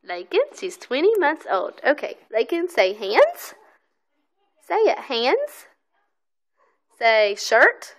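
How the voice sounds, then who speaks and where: A woman's voice: fairly high pitch, sing-song, slow pace, long pauses, faint music behind. A woman filming a toddler on her phone at home, patiently prompting her to repeat words in a sing-song way and praising her often. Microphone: phone camera held by the speaker.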